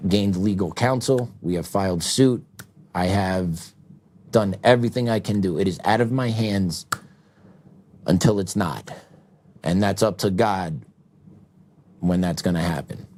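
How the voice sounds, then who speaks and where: A man's voice: lowish voice, mellow, a little hiss or hum. A middle-aged man hosting a show, delivering a heated political commentary monologue with asides and short laughs. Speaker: show host.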